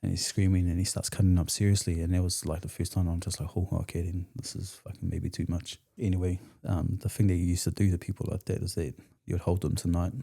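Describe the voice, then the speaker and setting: A New Zealand man speaking as a podcast guest, his voice low and dark in tone. He recounts his past candidly, with blunt, slangy, profane phrasing. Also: level tone, quick pace, vocal fry, few pauses. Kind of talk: candid storytelling in conversation.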